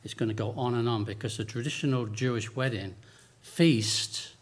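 Man preaching a lively sermon. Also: medium pitch, normal speed, breathy edge. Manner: lively and conversational, with humorous asides.

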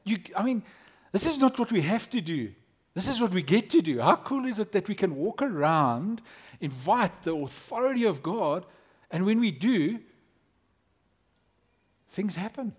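A man preaching a lively, conversational sermon as a pastor, acting out quotes. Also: high voice, measured pace, husky.

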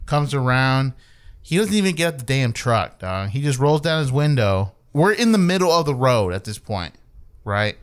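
A man's voice: mid-range voice, normal speed, clean tone. A young man telling a profane story in casual chat, acting out the quoted lines. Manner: animated, swears a lot, acts out quotes.

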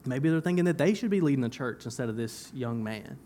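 Animated and a little fast, this young pastor's medium-pitched voice has a dark tone as he delivers a church sermon with a little hiss or hum behind him. His style is conversational, with repeated phrases for emphasis and occasional laughter at himself.

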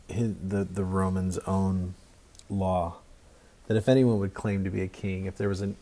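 A man preaching a sermon in a conversational, halting way with many restarts. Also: on the low side, creaky, darkish tone. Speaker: pastor.

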